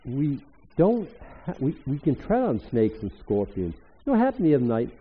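An older man preaching a sermon as pastor, emphatic and animated, rising suddenly to loud exclamations. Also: medium pitch, moderate pace, husky. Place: church hall. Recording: echoey hall, tinny phone-like sound.

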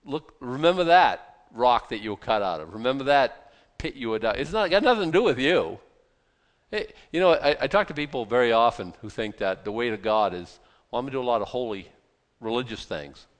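A man preaching a Bible sermon in a conversational, animated way, often restarting and breaking into asides. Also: mid-range voice, brisk. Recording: long hall reverb.

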